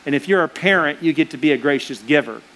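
A man's voice: a little high, animated, fast talker, a bit bright. A male pastor preaching a sermon, earnest and emphatic, speaking straight to his listeners and driving points home by repetition.

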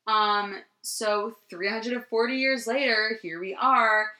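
A woman from New Jersey co-hosting a podcast, telling a story in casual chat, rambling and profane with many ums and quick laughs. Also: a little high, steady tone, bright, forceful tone. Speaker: podcast co-host. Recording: roomy echo.

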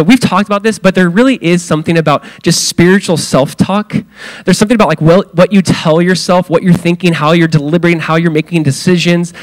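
A male pastor preaching a sermon in a loose, conversational way, filling his talk with "like" and acting out the quoted lines with big swings in his voice. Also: high-pitched.

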